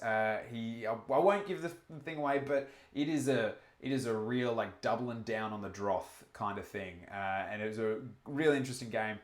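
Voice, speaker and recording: A man's voice: mid-range voice, roomy sound. A man with an Australian accent hosting a live stream, chatting casually with many fillers and restarts and reading out chat comments. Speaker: livestream host.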